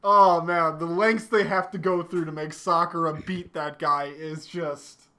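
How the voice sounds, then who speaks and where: A man's voice: fairly high pitch, steady tone, measured pace, bright, forceful tone. A young man chatting casually about anime, blunt and opinionated, laughing often. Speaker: anime podcast co-host.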